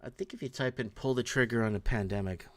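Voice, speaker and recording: A man's voice: mid-range voice, fast talker, fairly bright tone. A middle-aged man hosting his own podcast, talking in a rambling, heated way and firing off rhetorical questions. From Portugal, raised in Toronto area. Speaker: podcast host. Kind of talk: casual live-stream commentary.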